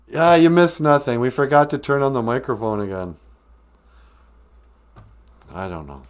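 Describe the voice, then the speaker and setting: A man's voice: mid-range voice, moderate pace, smooth. A man hosting a casual live stream from home, joking and teaching words of a language, with faint guitar music behind. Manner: joking, self-mocking banter. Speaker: podcast host teaching Ojibwe words.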